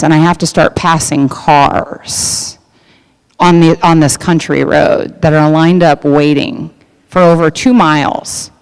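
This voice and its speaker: A woman's voice: deep voice, clean tone. A middle-aged woman who owns a produce business, telling a story in a luncheon speech with lots of fillers and restarts. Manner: chatty, many fillers and restarts. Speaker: produce business owner giving a luncheon talk. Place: large event hall. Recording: long hall reverb.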